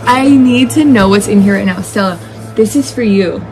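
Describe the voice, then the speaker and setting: A young woman with a Southern US accent, talking in a casual home vlog. She gushes and gets excitable, with lots of fillers. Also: medium pitch, over music. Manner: gushing and excitable, fast filler-heavy talk. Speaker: vlogger. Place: home indoors. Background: lawn equipment outside.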